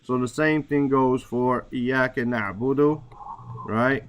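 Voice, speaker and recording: A man's voice: medium pitch, normal speed, lo-fi sound. A man teaching a class, talking casually and searching for words, often checking with "right?". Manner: searching for words, many fillers; repeats "right?" to check understanding. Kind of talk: classroom explanation.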